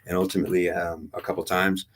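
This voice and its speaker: Here an older man speaks quickly in a low, level voice, giving a rambling account of something spiritual that happened to him. He repeats himself, swears now and then, and tells it bluntly, still clearly moved by the memory.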